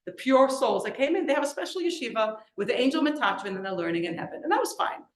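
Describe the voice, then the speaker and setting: A middle-aged woman, an author and lecturer, giving an inspirational storytelling talk, acting out quoted voices with big leaps in pitch. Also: animated, fast, roomy sound. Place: lecture event in a room.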